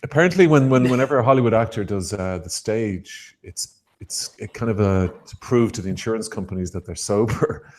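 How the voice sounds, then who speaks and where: A man's voice: lowish voice, brisk, darkish tone. An Irish man hosting a late-night panel chat show, hesitant and stumbling over words, with dry quips. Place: studio.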